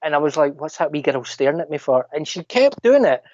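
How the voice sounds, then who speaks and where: A man with a Scottish accent, a podcast guest telling animated anecdotes in casual chat. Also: a little high, brisk, no room sound. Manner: animated anecdotes, mimics other people's voices. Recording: dull lo-fi dry sound.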